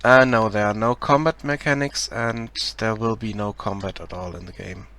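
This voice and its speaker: A man from Germany with a German accent, casually talking through his game project on a live stream, hesitant, with many pauses and restarts. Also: on the low side, steady tone, a bit bright. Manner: hesitant, many ums and restarts, laughs shyly.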